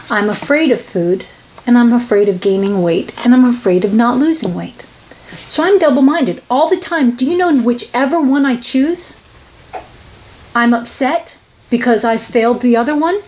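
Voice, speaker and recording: A woman's voice: fairly high pitch, measured pace, a little mellow, dull audio, slight background noise. A woman giving an earnest, emotionally open personal testimony in a candid, confessional way. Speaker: person sharing her struggles.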